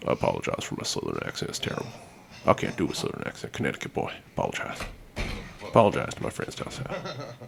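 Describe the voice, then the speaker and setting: A man doing a low, drawling impression of a gravel-voiced older man. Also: big pitch swings, exaggerated voice. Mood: joking. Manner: exaggeratedly low, slow and drawling.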